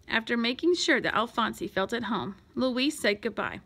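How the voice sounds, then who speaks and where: Bright, lively woman reading aloud. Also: a little high, moderate pace, vocal fry. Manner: expressive and lively. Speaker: storyteller. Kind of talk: children's book read-aloud.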